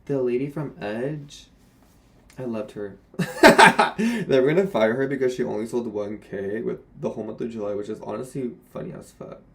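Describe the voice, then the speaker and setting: A man's voice: medium pitch, animated, moderate pace, fairly bright tone. Young man, sassy vlog rant, blunt, gossipy, mid-range voice. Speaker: former retail cosmetics worker. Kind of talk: candid rant to camera.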